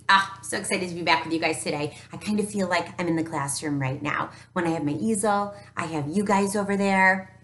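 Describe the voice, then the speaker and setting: A woman teacher giving a recorded phonics lesson to young children, upbeat and encouraging, sounding out each letter slowly. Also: mid-range voice, sharp tone, a little hiss or hum. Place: home teaching space with an easel. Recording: echoey room.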